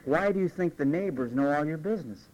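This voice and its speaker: A man's voice: fairly high pitch, fast, poor audio. A man preaching a conversational sermon as pastor, acting out quoted voices along the way. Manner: animated, acts out quoted voices.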